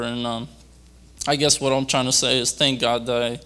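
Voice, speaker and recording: A young man giving a rambling personal testimony at a church youth conference, halting and full of fillers and restarts. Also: mid-range voice, little pitch movement, pushed and bright, clean tone. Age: young adult.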